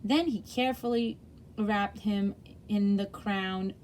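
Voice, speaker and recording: A woman's voice: mid-range voice, slow pace, darkish tone, slight background noise. A woman reading a chapter book aloud to children in a friendly way, with small slips and self-corrections.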